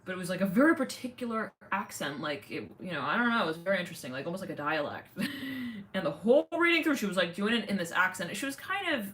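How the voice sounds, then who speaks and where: A woman's voice: fairly low pitch, big pitch swings, fast talker, fairly bright tone. A woman hosting a casual livestream, chatting in a rambling way with many fillers, thanking viewers. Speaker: livestream host.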